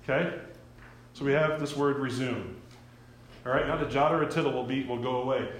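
A man's voice: medium pitch, fairly even intonation, brisk, reverberant. A man preaching a sermon as a pastor in a church. He talks conversationally, often restarts his words and poses questions to the congregation. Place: church sanctuary.

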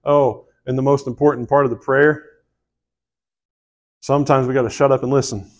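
A man's voice: medium pitch, flat delivery, normal speed. A man preaching a sermon in a folksy, conversational way, with asides and restarts. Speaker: pastor.

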